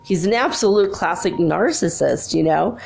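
A woman's voice: lowish voice, lively intonation, moderate pace, gravelly, a little mellow, faint music behind. A woman talking in a casual vlog monologue, rambling through a story with lots of filler words.

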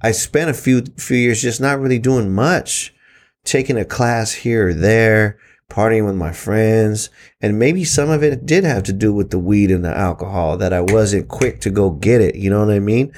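An easygoing man in his thirties swaps stories on a casual podcast. His voice is fairly low, and he drops in curse words and laughs often. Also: normal speed, darkish tone. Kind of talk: casual storytelling.

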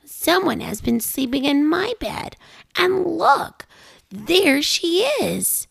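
Woman doing a squeaky little baby bear. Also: sing-song, slow, creaky, fairly bright tone, dry recording, heavily acted. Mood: upset. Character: small excited baby bear cub.

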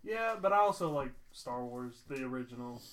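Playful man with a lively voice. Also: medium pitch, moderate pace. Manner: playful, shouts out movie lines. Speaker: podcast co-host. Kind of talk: casual chat.

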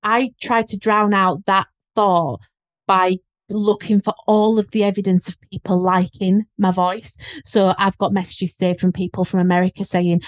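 A woman's voice: medium pitch, level tone, normal speed, no echo. Encouraging Yorkshire woman, dry mic. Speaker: guest, business coach. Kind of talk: casual podcast chat.

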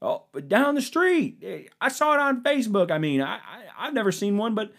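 A man's voice: very animated, normal speed, gravelly, fairly bright tone, full character voice. A man voicing an outraged middle-aged man in a worked-up, indignant rant. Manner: shrill, worked-up ranting.

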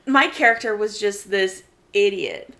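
A woman chatting casually, telling stories with quick laughs and acting out quotes. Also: medium pitch, expressive, gravelly, bright, forceful tone. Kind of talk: casual chat.

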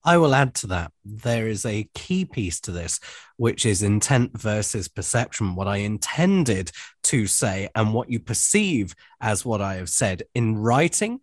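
A man in a conversational podcast, explaining his point in a measured way. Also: lowish voice, big pitch swings, no echo, clean studio sound.

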